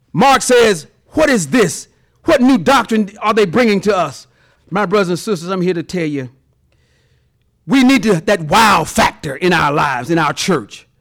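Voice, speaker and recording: Male pastor, high voice, very animated delivery, folksy sermon. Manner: lively preacher acting out voices, folksy examples.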